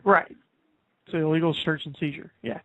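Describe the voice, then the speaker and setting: A man's voice: a little high, gravelly, sharp tone, no echo. Lo-fi rambling male podcast host. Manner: rambling, filler-heavy, quick to laugh. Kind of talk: casual chat. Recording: dry, phone-like lo-fi audio.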